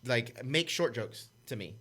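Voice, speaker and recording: A man's voice: medium pitch, animated, a little slow, a bit bright. A man co-hosting a podcast in casual chat, rambling with frequent restarts and laughter. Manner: rambling, self-interrupting, laughs often. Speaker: podcast co-host.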